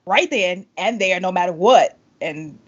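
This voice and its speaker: A woman hosting a podcast, telling a lively story in casual chat and acting out quotes with big jumps in pitch. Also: measured pace. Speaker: podcast host, vocal coach. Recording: slightly muffled lo-fi sound.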